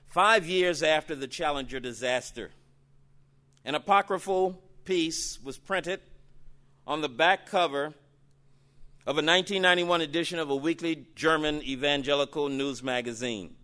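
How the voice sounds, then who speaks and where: A man preaching a sermon, slow and dramatic, dropping soft and then rising loud. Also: a little high, smooth.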